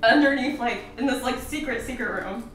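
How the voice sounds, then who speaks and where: A woman's voice: on the high side, normal speed, fairly bright tone, faint music behind. A woman recapping a tabletop game session as a player, playful and giggly, acting out what others said. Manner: giggly, playful storyteller, acts out quotes. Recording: very echoey, distant mic, faint noise.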